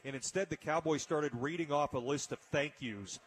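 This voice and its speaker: Radio host, man, slightly husky, heartfelt storyteller. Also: on the high side, moderate pace. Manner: storytelling, emotional, frequent restarts. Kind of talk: casual radio chat.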